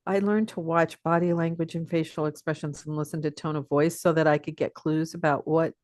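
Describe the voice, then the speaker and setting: A woman's voice: low-pitched, steady tone, brisk, a little mellow, dry recording, clean studio sound. An older woman from the Pacific Northwest, a teacher guesting on a podcast, talking reflectively and chuckling often as she tells stories. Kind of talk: casual interview conversation.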